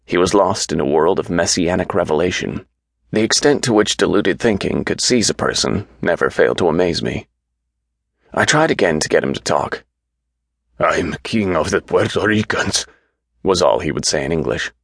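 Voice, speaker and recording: A man with a very deep, gravelly voice narrating an audiobook. His delivery is measured and even. The studio recording is close and dry, with no room sound. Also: no echo.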